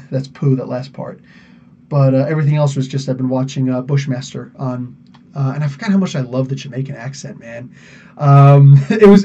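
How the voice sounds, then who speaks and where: A man hosting a casual live podcast, answering chat in an excitable, rambling way with many fillers and restarts. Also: on the high side, distant mic, lo-fi sound.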